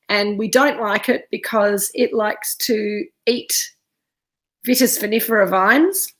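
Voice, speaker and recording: Casual female wine host on a video call, mid-range pitch, talkative, rambling and playful. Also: a bit bright. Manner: chatty, digressive, easily sidetracked. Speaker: wine expert hosting a virtual tasting. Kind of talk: casual live-streamed presentation.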